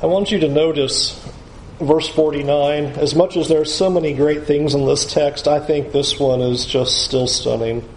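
A man's voice: on the high side, fairly even intonation, moderate pace, echoey room, a little hiss or hum, poor audio. A male pastor preaching a sermon with emphasis, urging listeners to picture the scene.

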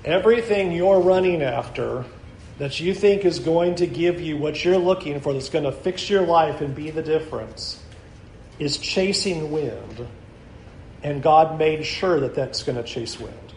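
A man preaching a sermon, earnest, slowing down to stress key lines and dropping to a soft voice at the most important ones. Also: on the high side, reverberant, a little hiss or hum, poor audio. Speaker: pastor.

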